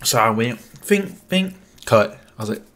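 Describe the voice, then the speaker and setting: A man's voice: mid-range voice, big pitch swings, unhurried, fairly bright tone. A young adult man telling a casual storytime vlog, rambling and profane, with lots of "like" fillers. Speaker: vlogger.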